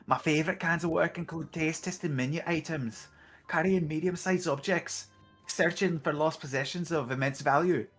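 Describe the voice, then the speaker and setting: A woman's voice: sits low, moderate pace, breathy edge. A woman voicing a cheerful, helpful young male townsman in a Scouse accent, reading game dialogue. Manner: chatty and polite, bursts of hearty exclamation. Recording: background music under the voice.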